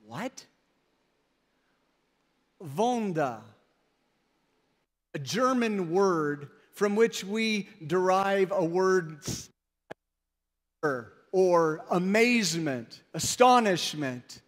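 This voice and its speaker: A man with a high voice preaches slowly and deliberately, telling stories with emphasis. His words ring out with a long reverb across a large church hall. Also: animated. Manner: storytelling, emphatic. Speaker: pastor. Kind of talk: sermon.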